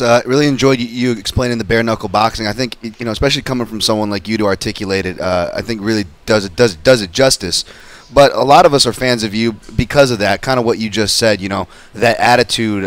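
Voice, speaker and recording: A man's voice: mid-range voice, no room sound. A man working as a fight analyst on a radio show, asking a guest long questions full of fillers and restarts. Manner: fast, many fillers and restarts.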